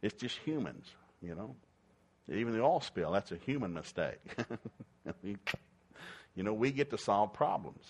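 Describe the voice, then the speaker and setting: An older man with a slightly low voice preaches in a folksy, storytelling way. He keeps the sermon lively, breaking into sudden emphatic bursts as he drives home his points. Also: unhurried, long pauses, slightly rough.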